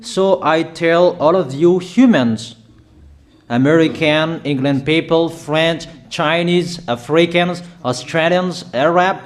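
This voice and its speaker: A man's voice: on the high side, slow pace. A man preaching a sermon of prophetic declarations, emphatic and repetitive in a declamatory way.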